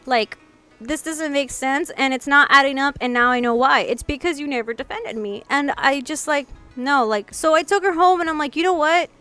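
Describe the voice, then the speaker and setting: A young woman with a high, light voice tells a personal story straight to her viewers. She is animated and casual, leaning on "like" and restarting sentences as she voices the people in her story. Faint music plays behind her. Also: moderate pace, no echo. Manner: animated, acts out quotes, many "like"s and restarts. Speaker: vlogger. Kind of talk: storytime chat.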